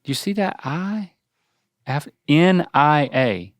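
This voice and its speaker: A man's voice: a little high, lively intonation, slow, no room sound, studio quality. A middle-aged man co-hosting a podcast, teasing and playfully quizzing his father. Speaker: podcast co-host. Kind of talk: casual chat. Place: indoor studio.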